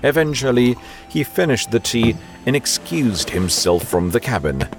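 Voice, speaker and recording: A man narrating a novel as an audiobook in a measured storytelling manner. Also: mid-range voice, very animated, over music.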